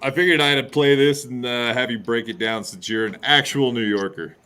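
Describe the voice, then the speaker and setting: A man's voice: medium pitch, normal speed, pushed and bright, clean tone. A man hosting a podcast, reacting with disgusted, incredulous commentary. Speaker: podcast host. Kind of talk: casual podcast chat.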